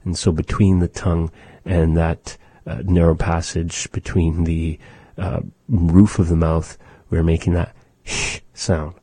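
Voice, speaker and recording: A man teaching a language lesson, patiently explaining and slowly demonstrating how sounds are made. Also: sits low, little pitch movement, mellow, husky, no echo.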